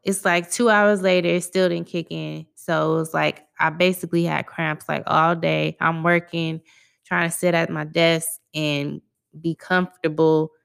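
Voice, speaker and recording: Slow, smooth-voiced woman podcast host with vocal fry. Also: deep voice, flat delivery, a bit bright. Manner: laid-back, conversational, loose slangy phrasing. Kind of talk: casual solo podcast chat.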